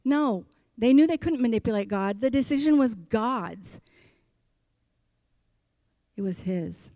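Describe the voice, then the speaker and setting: A woman's voice: a little high, animated, slow, mellow, no echo, studio quality. A woman pastor preaching a sermon in a church, impassioned and emphatic, driving her points home with repetition.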